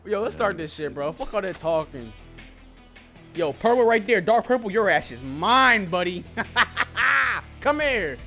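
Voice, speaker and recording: Loud foul-mouthed young gamer man. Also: sits high, very animated, a little slow, faint music behind. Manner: profane trash talk at the game. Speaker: gaming YouTuber. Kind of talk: let's play commentary.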